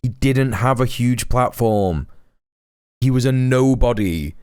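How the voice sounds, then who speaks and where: A man's voice: mid-range voice, lively intonation, takes it slowly, darkish tone, clear, resonant tone, dry recording, clean studio sound. A young British man streaming a reaction, mocking and exasperated, swearing often. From Britain.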